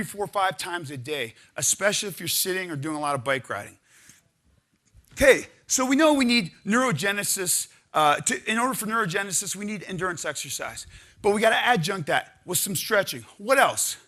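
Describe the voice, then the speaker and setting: A man leading a live audience through stretching and partner exercises, coaching energetically and counting out loud. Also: high voice. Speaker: exercise instructor. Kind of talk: live workshop exercise instruction. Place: conference room with audience.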